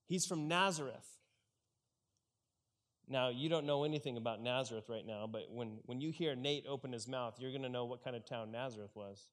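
A man's voice: medium pitch, quick pace, hardly any pauses. A man preaching a conversational sermon and acting out the characters' lines as he retells the story. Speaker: pastor.

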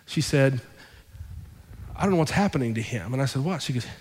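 A male pastor telling a story in a sermon, acting out both sides of the conversations with lively shifts in his voice. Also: mid-range voice, a little fast. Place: church sanctuary. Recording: long hall reverb.

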